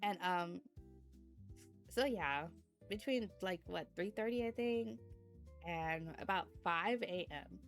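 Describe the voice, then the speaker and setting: A young woman streamer talks slowly in a low-set, drowsy voice, telling a story to her chat with frequent laughter. She yawns through it and slips into playful mock outrage, with faint music playing behind her. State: sleepy, yawning. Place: indoors at home.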